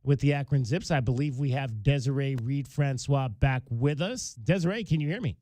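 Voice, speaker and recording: A man's voice: mid-range voice, normal speed, warm tone, no room sound. A man hosting a sports talk radio show, chatting casually with many fillers and restarts. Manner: conversational, with frequent fillers and restarts.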